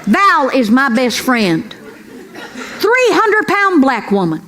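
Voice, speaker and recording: A woman's voice: high voice, very animated, slow. A middle-aged woman doing a folksy, sassy stand-up routine, calling the crowd "girls" and asking for amens. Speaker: stand-up comedian. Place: comedy club stage. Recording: live stand-up with crowd noise. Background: audience laughter and room noise.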